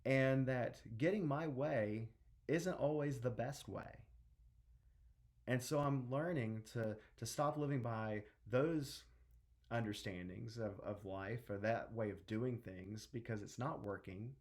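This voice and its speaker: A middle-aged minister preaches in a loose, conversational way, with restarts and acted-out quotes along the way. His voice has a gravelly, creaky grain at an average male pitch. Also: slow pace, darkish tone. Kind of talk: sermon.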